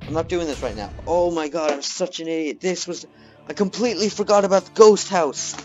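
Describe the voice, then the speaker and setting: A man's voice: on the high side, brisk, muffled recording, soft background music. A young man commentating his gameplay live, frustrated and swearing often. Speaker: let's play gamer.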